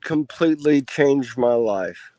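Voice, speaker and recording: A man's voice: medium pitch, expressive, slow, dark tone, no echo, poor audio. A middle-aged man, a podcast guest, telling laid-back, profane stories in casual conversation. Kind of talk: casual storytelling.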